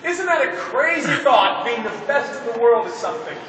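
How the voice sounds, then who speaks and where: Young male motivational speaker, high voice, distant and noisy hall recording. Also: fairly quick. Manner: energetic, audience call-and-response. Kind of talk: motivational speech to children. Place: large echoey hall. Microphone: distant mic.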